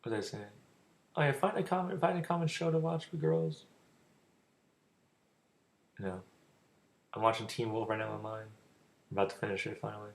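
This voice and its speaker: A man's voice: lowish voice, moderate pace, vocal fry, pauses often. A young man with a stutter, rambling casually as he gives dating advice in a vlog. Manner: rambling, stuttering, loose and informal. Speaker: vlogger giving dating advice.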